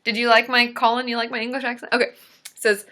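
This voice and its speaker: A woman's voice: a little high, flat delivery, fast, bright, forceful tone. A woman therapist hosting a casual live Q&A stream, chatty and giggly as she reads viewer comments aloud.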